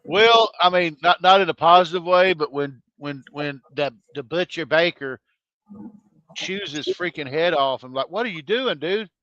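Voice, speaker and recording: A man co-hosting a casual movie review chat, answering briefly and trailing off with halting restarts. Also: a little high, sing-song, bright, forceful tone, clear, resonant tone, no room sound, lo-fi sound. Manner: brief agreeing replies, trailing off. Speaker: co-host.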